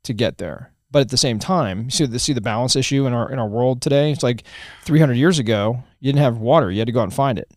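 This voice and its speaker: Guy hosting a podcast, talks fast, thinks out loud w/ analogies, dry sound. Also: medium pitch, no room sound. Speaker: podcast host. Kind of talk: casual conversation.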